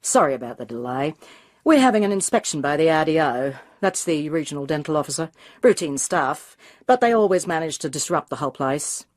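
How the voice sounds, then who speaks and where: A woman voicing a brisk, offhand male dentist of about forty with an Australian accent. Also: low-pitched, animated.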